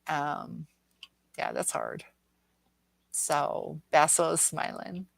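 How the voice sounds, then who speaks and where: A woman's voice: low-pitched, flat delivery, very slow, gravelly, no room sound. A woman from the Detroit area hosting a casual livestream at home, chatting with viewers, rambling with lots of fillers. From Detroit area, USA. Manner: rambling, chatty, many fillers, coos at her dog. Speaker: livestream host. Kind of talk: casual live chat reading viewer comments. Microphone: phone or webcam.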